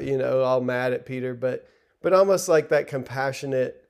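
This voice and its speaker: A man's voice: medium pitch, moderate pace, darkish tone, clear, resonant tone. A middle-aged man preaching a sermon in an earnest, conversational way, retelling the text and stumbling over restarts now and then.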